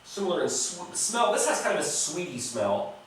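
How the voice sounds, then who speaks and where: A man's voice: a little high, big pitch swings, moderate pace, recorded from a distance, slight background noise. American male vlogger, blunt and cussing, casual beer review, very echoey room, a bit off-mic. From United States. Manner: blunt and profane, talks to the viewer.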